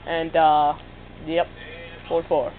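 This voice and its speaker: A man's voice: fairly high pitch, completely flat delivery, slow. A teenage boy commentating on a basketball video game with his friend, teasing in a dry, sarcastic way. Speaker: gaming commentator. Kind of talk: casual gameplay commentary. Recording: tinny, phone-like sound.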